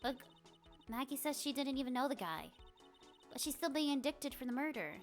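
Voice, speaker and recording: A woman's voice: high-pitched, lively intonation, a little fast, soft background music, pitched above the performer's own voice. A woman voicing an earnest young male defense lawyer in a video game, asking questions in an inquisitive way.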